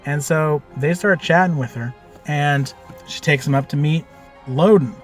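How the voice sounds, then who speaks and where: A man telling the story of a tabletop game he ran as game master, in a loose, animated way with lots of fillers and casual swearing. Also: fairly high pitch, a little slow, music in the background.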